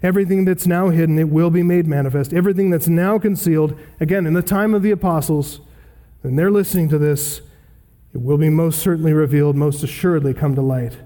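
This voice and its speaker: A man's voice: on the high side, fairly even intonation, fairly quick, dark tone. A man preaching an earnest, emphatic expository sermon, reading scripture aloud. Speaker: pastor. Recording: long hall reverb.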